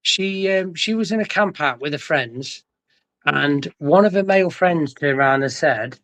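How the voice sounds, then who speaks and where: Emphatic, swearing man, fairly high voice. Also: expressive, moderate pace. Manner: emphatic, swears often, rising to loud bursts. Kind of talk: casual live-stream chat.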